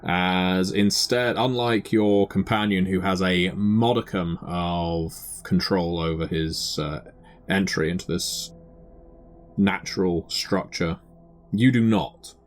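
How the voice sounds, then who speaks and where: A man narrating a tabletop game as game master, describing scenes in a measured way with the odd filler. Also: sits low.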